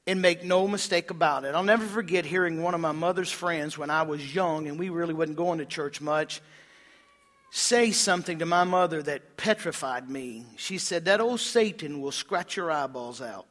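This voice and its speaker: Male pastor, fairly high bright voice, fervent sermon delivery that drops to hushed tones. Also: normal speed, in a large hall. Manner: impassioned preaching, swings from loud emphasis to hushed low tones.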